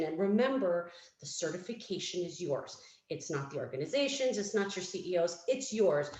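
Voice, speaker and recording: Animated woman panelist in an echoey room. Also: lowish voice. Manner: animated, candid, acts out quotes. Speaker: fundraising panelist. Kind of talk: panel talk, casual storytelling.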